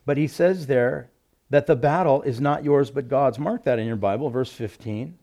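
A male pastor preaching at a medium pitch. He swings between loud, emphatic scripture reading and soft, reflective comments to the congregation. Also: moderate pace. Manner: reads Bible passages aloud with emphasis. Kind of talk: sermon.

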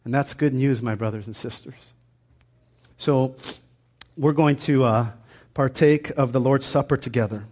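A man delivering a sermon as pastor, his voice sitting at an ordinary middle pitch for a man. He talks in a loose, conversational way, stumbling through fillers and restarts as he tells a story. Then he rises into fervent, emphatic preaching. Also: unhurried, long pauses, darkish tone.

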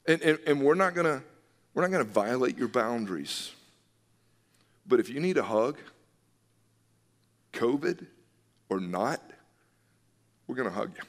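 A man's voice: medium pitch, expressive, unhurried, pauses often, in a large hall. A man, a pastor, preaching a sermon in an earnest, emphatic way, repeating his key phrases.

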